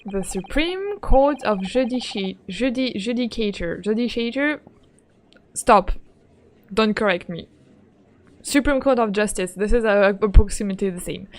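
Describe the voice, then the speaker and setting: A woman's voice: mid-range voice, lively intonation, moderate pace. A woman streaming a game in casual, playful chat, speaking English as a second language and giggling often as she greets her viewers.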